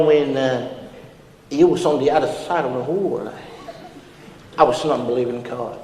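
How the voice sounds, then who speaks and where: A man playing a tipsy Samoan uncle crooning. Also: a little high. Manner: syrupy, flowery flirting with grand romantic lines. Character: tipsy middle-aged Samoan uncle, smug self-styled ladies' man. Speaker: comedian in character. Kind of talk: live comedy character act. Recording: echoey hall with loud background noise.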